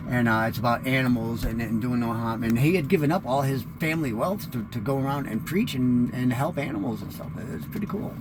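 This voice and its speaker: A man's voice: mid-range voice, fairly quick, hardly any pauses, background noise. A man in his fifties rambling through a candid, profane personal monologue as host of his own show. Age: 50s.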